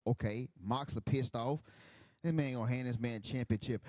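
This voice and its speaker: Male reaction host, mid pitch, excitable and foul-mouthed, casual chat recorded dry and close. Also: no echo. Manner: excitable, profane, quick outbursts.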